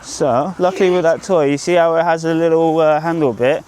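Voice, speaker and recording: A man's voice: fairly high pitch, steady tone, a little fast, darkish tone. A man working as a dog trainer, coaching an owner outdoors on a group walk. He is upbeat and encouraging, with sing-song praise for the dog.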